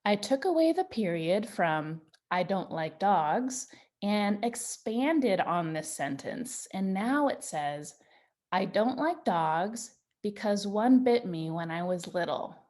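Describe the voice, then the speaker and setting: A patient, encouraging woman leads a children's writing lesson at a medium pitch. She speaks gently and slows down to stretch out each example sentence for young listeners. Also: animated. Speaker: Montessori teacher.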